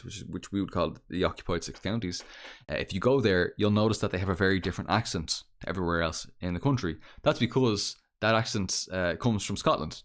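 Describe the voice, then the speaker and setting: An Irish man with a low voice talks through history on a livestream. He lectures earnestly, stopping to restart and filling pauses with "uh". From Ireland. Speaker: guest. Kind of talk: political discussion on a livestream.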